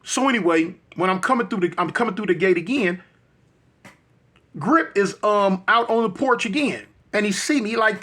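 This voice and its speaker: Here a man shares a personal story in a high-sitting, slightly bright voice, moving at a moderate pace. The delivery is laid-back and full of slang, with frequent check-ins like "you know what I'm saying."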